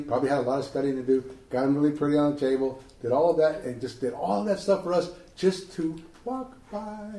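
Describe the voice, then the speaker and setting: A man, an author, giving an animated, jokey talk and Q&A to a live audience, slipping into impressions. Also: fairly high pitch. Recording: roomy hall, voice from a distance.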